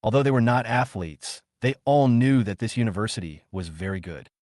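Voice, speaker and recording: A man narrating a comic story recap in a steady storytelling manner. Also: lowish voice, fairly quick, no echo, clean studio sound.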